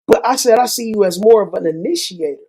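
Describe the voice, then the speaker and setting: A man rants to his viewers, heated and cursing freely and dropping quick rhymes as he goes. His voice sits high for a man yet sounds dark and mellow, with a gravelly, husky edge. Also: expressive, poor audio. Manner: heated, profane, rhyming asides. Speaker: channel host. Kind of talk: ranting monologue to viewers.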